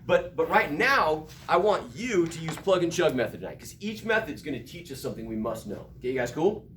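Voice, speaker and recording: A man's voice: a little high, big pitch swings, a little fast, a bit bright, roomy sound, slight background noise. A middle-aged man teaching a math class, emphatic and joking, recorded from far off in a classroom. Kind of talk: classroom lecture.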